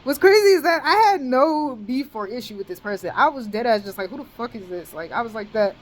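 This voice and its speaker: A woman's voice: a little high, brisk, slight background noise, poor audio. A young woman in college telling a storytime vlog in casual, slangy speech, full of cursing and fillers like "bro.". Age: young adult. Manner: slangy, profane and animated, with many fillers like "bro" and "dead ass".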